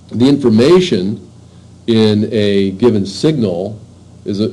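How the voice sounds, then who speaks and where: A male lecturer talks a class through the material in a relaxed, conversational way, stopping often to restart a thought. His voice sits low and mellow, and the delivery is unhurried and informal. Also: low-quality recording. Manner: informal, halting, many fillers and restarts. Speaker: university lecturer.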